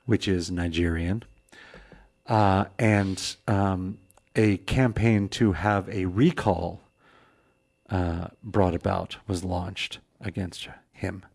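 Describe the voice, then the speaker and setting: A man narrates his turn in a tabletop game, halting and tripping over his words. His voice is low and his pace slow. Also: steady tone, gravelly, a little mellow, slightly rough. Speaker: player.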